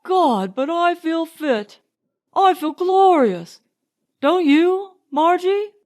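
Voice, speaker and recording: A woman's voice: a little high, expressive, slow pace, a little mellow. A woman voicing a young British army officer who talks dreamily and earnestly. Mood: exultant.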